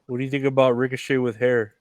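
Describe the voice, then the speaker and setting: A man's voice: mid-range voice, flat delivery, fast talker, no echo. A man co-hosting a podcast in casual chat, joking and laughing often. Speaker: podcast co-host.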